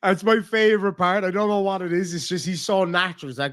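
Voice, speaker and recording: A man's voice: high voice, steady tone, fast talker, background noise. A man with a Cork Irish accent, chatting casually on a live stream, rambling and swearing freely as he thinks aloud. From Ireland.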